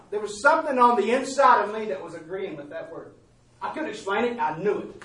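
A man preaching a testimony sermon and calling out to the congregation, switching between loud bursts and hushed asides. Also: high voice, animated, brisk, roomy sound, far from the mic, low-quality recording.

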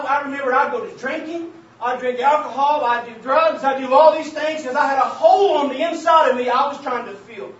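A man preaching a sermon and sharing his testimony, calling out to the congregation as saints of God and building to emphatic shouts. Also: very high-pitched. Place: church hall. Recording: very echoey, distant, dull church recording with faint hiss.

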